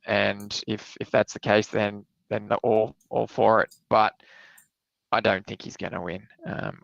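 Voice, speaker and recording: Low, gravelly man, halting. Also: a bit bright, no room sound. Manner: hesitant, halting analysis with fillers. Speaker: podcast co-host. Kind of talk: casual sports podcast chat. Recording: dull lo-fi mic.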